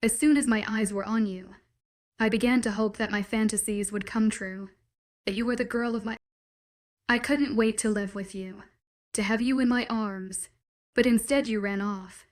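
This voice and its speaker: A woman's voice: medium pitch, fairly even intonation, normal speed, lightly acted. A woman reading the lines of a possessive young male werewolf, pleading with intense declarations. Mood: earnest pleading.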